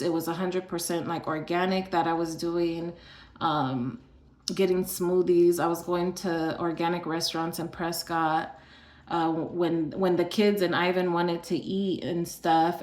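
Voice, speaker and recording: A vlogger from Arizona shares the story of her illness in a low-pitched voice, recorded in an echoey room. She's chatty and casual, using lots of fillers and sighing between thoughts.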